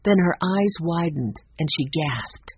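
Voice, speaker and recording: An audiobook narrator reading a children's mystery with expressive, lively storytelling. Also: mid-range voice, measured pace, breathy edge. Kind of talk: scripted narration. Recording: dull lo-fi audio.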